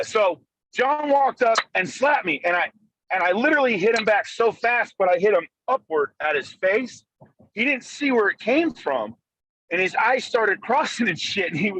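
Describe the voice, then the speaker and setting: A man on a phone call from his car, telling a fast, profane, animated story in a casual chat. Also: sits high, slight background noise. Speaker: guest arm wrestler. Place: in a moving car.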